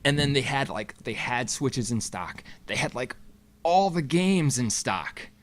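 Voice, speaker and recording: A man's voice: mid-range voice, sing-song, unhurried, a bit bright. Opinionated man co-hosting, casual and blunt. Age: 30s to 40s, parent of a school-age daughter. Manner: opinionated, casual, swears freely. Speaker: show co-host. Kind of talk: casual live-stream chat.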